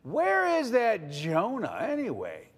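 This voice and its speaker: A man's voice: high voice, wildly swooping pitch, slow, slightly rough, long reverb tail, heavily acted. A man voicing a bossy ship captain barking orders at his crew, in a storytelling service. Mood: demanding. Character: bossy ship captain, male adult, demanding.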